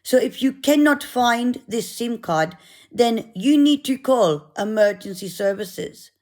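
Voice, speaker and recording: A woman voicing a preachy female volunteer in a put-on South African accent, slow and patronizing. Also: mid-range voice, animated, creaky.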